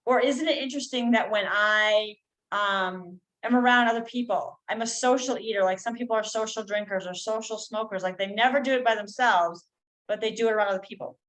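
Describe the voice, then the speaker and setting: A middle-aged woman guest on a podcast, talking in an earnest coaching tone and slowing down to stress key phrases. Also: medium pitch, fairly bright tone, low-quality recording. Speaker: guest healer. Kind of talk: conversational podcast interview.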